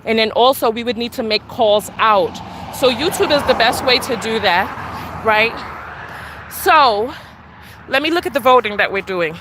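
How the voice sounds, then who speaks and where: A woman's voice: on the high side, expressive, a little slow, noisy background. A woman chatting on a live stream while out on a walk, out of breath and sassy, laughing as she talks back to her commenters. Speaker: vlogger and podcast host. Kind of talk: casual live-stream chat while walking. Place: outdoors on a walk. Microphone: handheld camera while walking.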